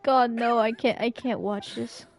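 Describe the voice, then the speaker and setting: A woman's voice: fairly high pitch, steady tone, unhurried, soft background music. A young adult woman streamer reacting emotionally to a game story, tearful and laughing, on a close dry mic.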